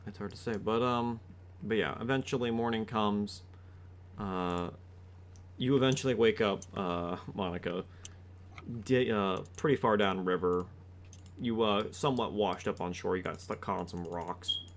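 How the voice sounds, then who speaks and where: A man running a tabletop game as game master, narrating slowly and dramatically, with hesitant asides. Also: fairly low pitch.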